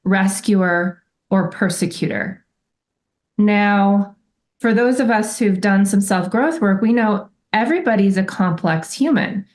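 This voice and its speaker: A woman's voice: mid-range voice, measured pace, darkish tone. A woman guest on a podcast, telling a personal story in a candid, reflective way and acting out remembered remarks.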